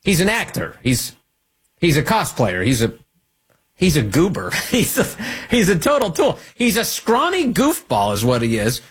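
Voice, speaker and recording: A male talk radio host riffs in a mocking, animated way. His voice sits a bit high and slightly husky, and it swings wildly in pitch. Now and then he squeals up high to mimic someone. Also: normal speed. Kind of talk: political talk radio commentary.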